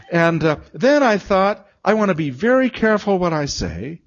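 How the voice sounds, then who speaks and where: Animated man telling a story in a sermon. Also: sits high, normal speed, lo-fi sound. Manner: animated storytelling, acting out quoted voices.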